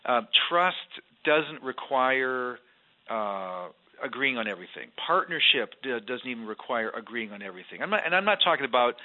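A man's voice: mid-range voice, lively intonation, normal speed. A man, a former mayor, speaking as a guest in an earnest, emphatic faith conversation. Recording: tinny phone-line sound.

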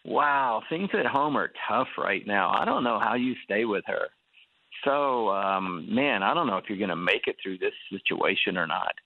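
The enemy speaks as a smooth, coaxing tempter who feigns sympathy, as a man puts him on during a story. The tone is quiet and insinuating, and the sound comes through a narrow phone line. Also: lowish voice, lively intonation, normal speed, dry recording.

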